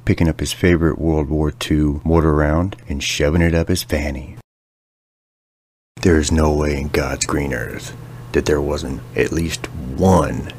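A man's voice: a bass voice, vocal fry, slightly rough. A man hosting a comedy podcast, talking in a crude, sarcastic, ranting way. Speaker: podcast host.

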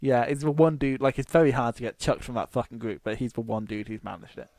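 A man's voice: mid-range voice, fast, a little mellow, no echo. A man from the UK co-hosting a podcast, telling rambling anecdotes in casual chat and swearing freely. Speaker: podcast co-host.

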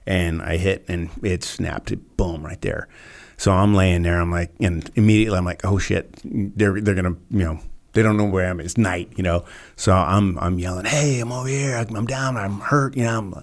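Low gravelly man telling stories. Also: normal speed. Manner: relaxed anecdotes with quoted voices and many fillers. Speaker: podcast guest, former Navy SEAL. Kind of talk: casual storytelling interview.

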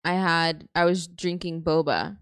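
A young woman from San Antonio chats on a podcast, giggly and rambling. Her voice sits a little low, and the recording is dry and close. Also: steady tone, measured pace, a bit bright, clear, resonant tone, no room sound. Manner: giggly, rambling casual talk. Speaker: podcast co-host. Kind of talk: casual chat.

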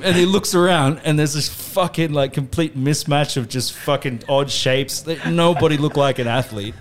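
A man's voice: fairly high pitch, moderate pace, few pauses, background noise. A young Australian man hosting a podcast, telling a story to his mates with lots of laughing and swearing. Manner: laughing, swearing, rowdy banter. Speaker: podcast host.

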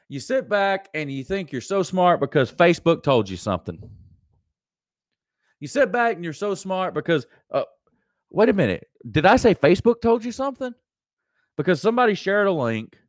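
A man's voice: fairly high pitch, no room sound, clean studio sound. A man with a Southern American accent hosting a live-stream show, ranting in a preachy, emphatic way and repeating lines for effect. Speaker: host.

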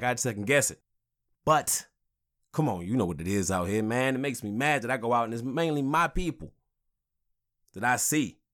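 A man's voice: mid-range voice, a bit bright. A man in his thirties, a father, hosting a podcast and ranting angrily with lots of swearing and "you know what I'm saying.". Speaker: podcast host.

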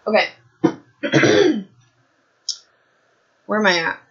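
A woman's voice: mid-range voice, big pitch swings, very slow, breathy edge, highs cut off. A young woman hosting a casual book recap podcast from home, chatty and rambling with self-deprecating asides. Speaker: podcast host. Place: home room. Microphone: desk mic.

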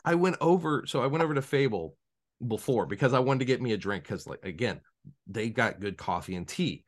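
A man co-hosting a podcast in casual chat, telling stories in an animated way with frequent restarts and laughter. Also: medium pitch, brisk. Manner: animated storyteller, stammers and restarts, laughs often. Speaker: podcast co-host.

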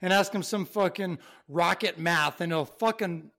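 A man's voice: high voice, moderate pace, sharp tone. A young man co-hosting a podcast in casual chat, blunt and emphatic, swearing heavily. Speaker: podcast co-host.

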